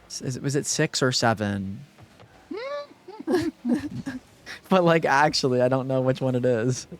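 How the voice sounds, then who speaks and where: A man's voice: mid-range voice, a little fast. A young man streaming live, chatting casually and rambling with lots of fillers while thanking viewers.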